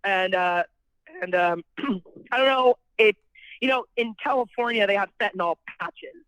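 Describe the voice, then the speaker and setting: A woman's voice: medium pitch, moderate pace, a bit bright, dry recording, muffled recording. A woman with a New York accent telling her story casually and bluntly, swearing freely and restarting her sentences. Her voice is recorded close and dry, with no room sound. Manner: blunt, profane, frequent restarts and you-knows. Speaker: podcast guest sharing her recovery story.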